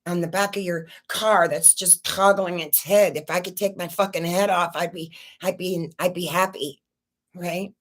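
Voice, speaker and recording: A woman's voice: lowish voice, steady tone. A woman host talking raw and tearful in a personal vlog, swearing and stumbling over her words as she vents. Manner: raw, distressed, swearing, halting restarts. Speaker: channel host.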